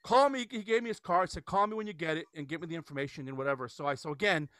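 Fast-talking, bright-voiced man telling a rambling story. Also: fairly high pitch, no room sound. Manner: rambling, animated storyteller with many restarts. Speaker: podcast host. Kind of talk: casual storytelling chat.

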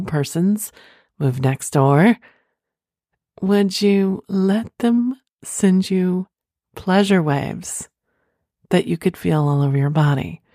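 A woman's voice: on the low side, creaky, a little mellow, no echo, studio quality. A middle-aged woman hosting a podcast, reading an erotic listener confession aloud and then chatting about it in a rambling, giggly way.

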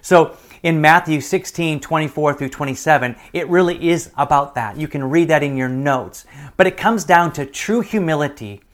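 A middle-aged man preaching a sermon, telling a personal story and moving between lively retelling and hushed, quiet moments. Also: on the high side, moderate pace. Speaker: pastor.

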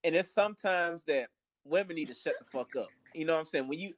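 A man's voice: a little high, fast, dry recording. A young man co-hosting a family podcast in casual chat, blunt and profane, often repeating words as he starts a thought. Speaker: podcast co-host.

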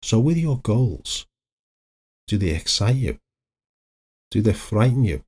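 A man's voice: fairly low pitch, very animated, slow pace, darkish tone, husky. A middle-aged man, hosting a solo motivational podcast in a chatty, anecdotal way that wanders into side stories. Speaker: podcast host, life coach.

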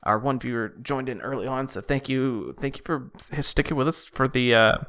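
A man's voice: mid-range voice, normal speed, fairly bright tone. A man co-hosting a live-streamed podcast, chatting casually and rambling with a self-deprecating laugh. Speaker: podcast co-host.

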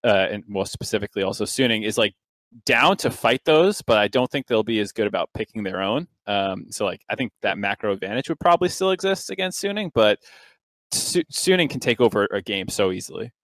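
A man on an esports panel in casual discussion, relaxed and laughing, with hesitant phrasing. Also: on the low side, fairly quick, no room sound. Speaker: esports analyst.

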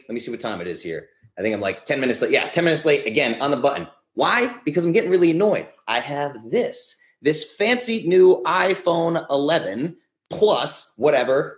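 A man hosting a live podcast stream, talking casually from home into a laptop mic, energetic and quick to rant and swear. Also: a little high, roomy sound. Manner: energetic, ranting, swears freely. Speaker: podcast host and nutritional therapist.

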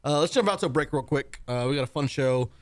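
A man hosting a radio show, trading deadpan, teasing one-liners in casual banter. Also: mid-range voice, fast, a little hiss or hum. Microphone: studio mic.

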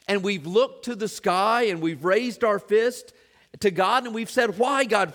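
A man's voice: sits high, fairly bright tone. A man preaching as a church pastor, earnest and questioning, piling up long lists and repeating his questions to the congregation. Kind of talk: sermon.

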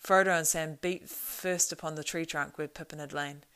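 A woman reads a storybook aloud in a measured, expressive way. Her voice sits low for a woman, with a steady gravelly rasp. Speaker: audiobook narrator. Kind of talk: storybook narration.

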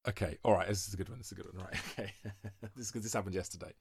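A man, recorded dry and close. He tells stories in casual podcast chat, animated and swearing, often breaking into laughs. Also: lowish voice, racing, creaky, slightly rough, no room sound. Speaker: podcast guest.

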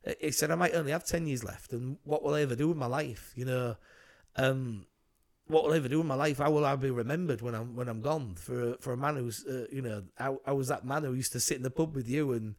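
Male co-host, casual film talk, rambling storyteller, mid pitch. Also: quick pace, a little mellow. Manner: rambling, retells scenes with quoted lines. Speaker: podcast co-host. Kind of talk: casual film review chat.

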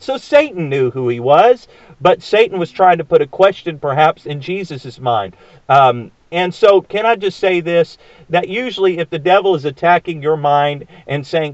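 A man delivers a sermon in an earnest, emphatic way, asking rhetorical questions and pausing on fillers. His voice sits a little high for a man. The recording is muffled and dry, with no room sound. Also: lively intonation, no room sound. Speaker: preacher.

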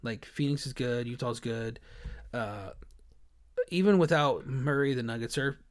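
A man's voice: mid-range voice, unhurried. A man co-hosting a podcast, chatting casually about sports, rambling, often laughing and restarting his sentences. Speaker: podcast co-host.

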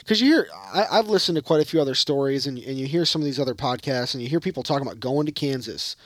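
A man with a Michigan accent, co-hosting a casual hunting podcast and telling stories in a rambling, animated way. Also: medium pitch, fast talker, no echo, clean studio sound. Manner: rambling storyteller, animated, mimics locals. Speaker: podcast co-host.

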